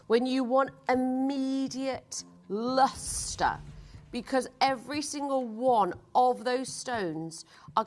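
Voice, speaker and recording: Gushing shopping-channel presenter, higher voice. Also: female voice. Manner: gushing, chatty sales patter. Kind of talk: live TV jewellery selling.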